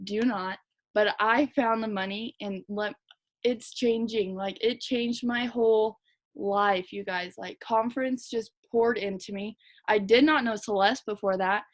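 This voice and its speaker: A young woman team leader giving a fast, chatty, energetic motivational talk to her team. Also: mid-range voice. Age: young adult. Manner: fast, chatty, energetic, lots of "like" and "you guys". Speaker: direct sales team leader.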